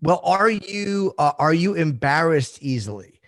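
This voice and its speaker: A man's voice: fairly high pitch, expressive, unhurried, a bit bright, dry recording, clean studio sound. A man co-hosting an interview, asking long, winding, chatty questions. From United States. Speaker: co-host interviewer.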